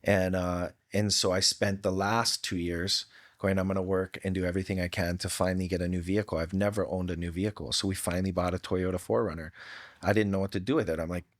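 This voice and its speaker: Earnest man with a very deep, flat voice. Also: quick pace, no room sound, studio quality. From Hawaii. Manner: earnest, heartfelt, casual slang like bro and dude. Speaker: podcast guest. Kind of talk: candid storytelling.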